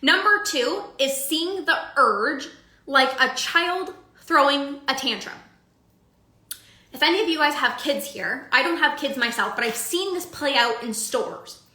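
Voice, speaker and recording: A woman's voice: sits high, animated, measured pace, sharp tone, echoey room. A young woman coaching her audience in a casual live-streamed talk, chatty with filler likes and everyday analogies. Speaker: binge eating coach.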